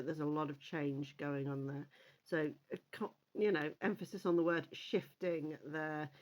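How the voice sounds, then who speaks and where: A woman doing a casual oracle card reading, chatty and rambling with frequent ums and restarts, encouraging her listeners. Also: sits low. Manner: encouraging, gently admonishing.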